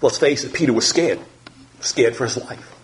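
A male pastor preaching a sermon in an animated, emphatic manner, dropping low and soft for prayer. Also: normal speed.

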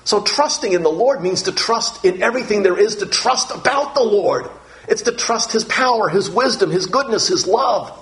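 A man's voice: high-pitched, expressive, moderate pace, a bit bright. Earnest man preaching a sermon. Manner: earnest, repeats phrases, rises on key words. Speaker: pastor.

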